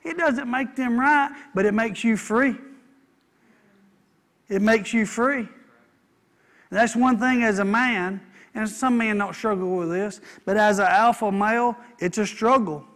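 High-voiced folksy preacher man. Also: measured pace, a bit bright. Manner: folksy, repeats himself, asks the congregation for amens. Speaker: pastor. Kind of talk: sermon.

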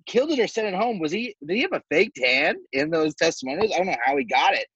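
Man, casual recap chat, lots of fillers, slightly high voice, dry close sound. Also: very animated, quick pace, fairly bright tone, slightly rough, no echo, dull audio. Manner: laid-back, slangy, frequent fillers. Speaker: podcast co-host.

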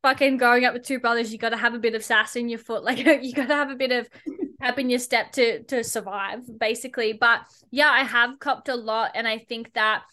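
A woman's voice: fairly high pitch, steady tone, fairly quick, sharp tone. A young woman, a podcast guest and entrepreneur, talking casually in a blunt, sarcastic way and swearing freely.

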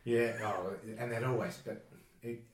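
A man's voice: mid-range voice, fairly even intonation, unhurried, a little hiss or hum. A young Australian man, a former bouncer, chatting casually as a podcast guest, rambling, laughing and swearing freely. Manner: laid-back, rambling, swears, laughs often. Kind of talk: casual chat. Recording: roomy echoey room, faint ambience.

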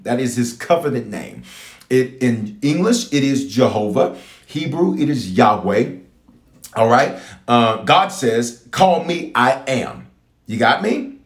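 A man with a medium-pitched voice preaches as a bishop in a reverberant space, teaching, praying, and animatedly repeating phrases for emphasis. He addresses online viewers during this live-streamed sermon and prayer.

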